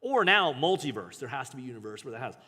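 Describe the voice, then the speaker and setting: A man's voice: mid-range voice, big pitch swings, fast talker, pushed and bright, breathy edge. Man reading aloud in a reverberant hall. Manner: casual, joking asides and self-corrections between read passages. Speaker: pastor teaching a book study. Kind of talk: reading a book aloud with off-the-cuff commentary. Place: church hall.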